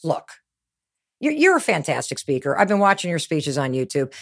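A woman voicing a grown male colleague, speaking low, firm and persuasive. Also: dry recording, clean studio sound. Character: grown man, a blunt encouraging colleague.

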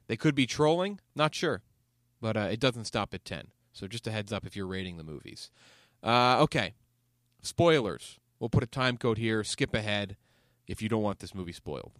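A young man hosting a casual podcast, animated and casually swearing as he steers the talk. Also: lowish voice, normal speed, no room sound, studio quality. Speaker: podcast host.

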